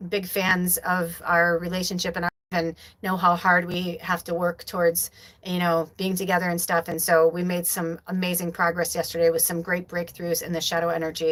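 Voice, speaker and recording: A woman's voice: lowish voice, a bit bright, low-quality recording. Rambling woman hosting a spiritual livestream. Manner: rambling, filler-heavy, heartfelt. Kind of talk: casual live-stream chat.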